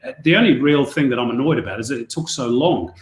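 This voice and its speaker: Middle-aged English commentator, echoey room. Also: male voice, medium pitch, lively intonation, quick pace. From Northwest England. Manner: chatty, anecdotal, with many restarts. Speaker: football commentator. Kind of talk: podcast interview, storytelling.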